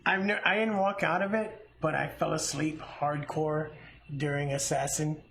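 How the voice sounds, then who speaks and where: A man's voice: a little high, steady tone, measured pace, gravelly, fairly bright tone, slight background noise. A man co-hosting a casual movie chat, a profane storyteller who laughs a lot. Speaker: podcast co-host.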